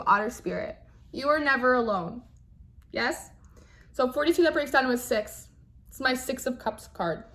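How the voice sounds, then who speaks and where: A woman's voice: a little high, fairly bright tone. Chatty woman reading tarot. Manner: chatty, giggly, says "right?" often. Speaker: tarot reader.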